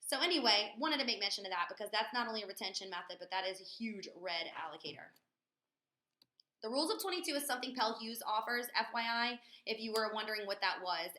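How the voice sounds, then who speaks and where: A woman giving a chatty, energetic sales training webinar from a corporate office, with plenty of fillers. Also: medium pitch. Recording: echoey room.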